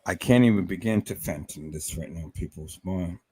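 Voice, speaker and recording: A man with a deep, dark, slightly rough voice runs a livestream at a moderate pace. He speaks with emotion and emphasis, repeating words, stumbling over them, and calling his audience "people".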